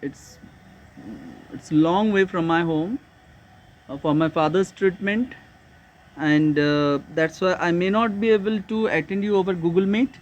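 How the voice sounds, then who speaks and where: A man's voice: high-pitched, measured pace, highs cut off. A man teaches an online literature class. He explains things step by step and stops often to ask his students whether they follow. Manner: patient, explaining step by step, checks in with "got it?".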